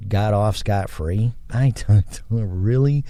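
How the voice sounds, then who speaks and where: In a warm, lowish voice and at a slow pace, a man talks through a rambling, reflective solo podcast episode with some religious touches. There's no echo on the recording.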